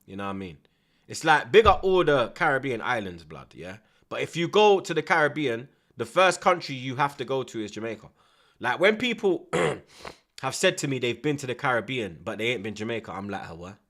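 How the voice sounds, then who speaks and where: A young man, reacting loudly to a live football match and chatting to his stream's viewers, swearing and laughing often in heavy slang. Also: mid-range voice, big pitch swings, moderate pace. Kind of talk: live watchalong commentary and chat.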